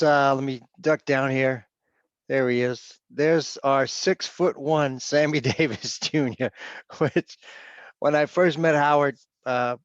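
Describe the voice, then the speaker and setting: A man from Queens, sharing stories of a departed friend and bandmate on a video call, often trailing off into soft pauses. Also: medium pitch, no echo. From Queens, New York. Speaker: friend and bandmate giving a tribute. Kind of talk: heartfelt remembrance on a video call. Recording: dull lo-fi video call audio.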